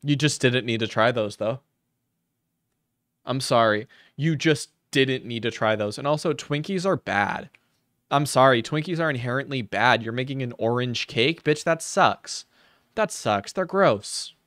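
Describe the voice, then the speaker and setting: A man rants through a sarcastic reaction commentary, mocking and swearing freely. His voice sits at an ordinary pitch. The sound is dry and close, with no room around it. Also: animated, measured pace, a bit bright, dry recording. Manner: mocking, profane, ranting. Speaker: commentary YouTuber reacting to a video.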